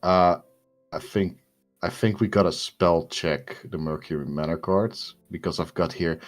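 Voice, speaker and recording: A man streaming a card game with friends, reading the card prompts aloud in a deadpan, joking way. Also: low voice, unhurried, soft background music.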